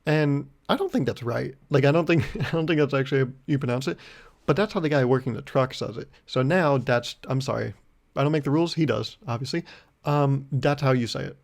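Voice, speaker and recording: A man's voice: medium pitch, brisk, creaky. A young man hosting his own podcast, telling a story in a rambling, self-mocking way. He laughs often and slips into mock-indignant rants. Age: young adult. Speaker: podcast host. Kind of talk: casual solo podcast monologue.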